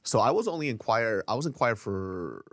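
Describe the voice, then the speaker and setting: A man's voice: lowish voice, sing-song, moderate pace, a bit bright, no echo, studio quality. A young man in casual chat, telling stories, swearing freely and laughing often.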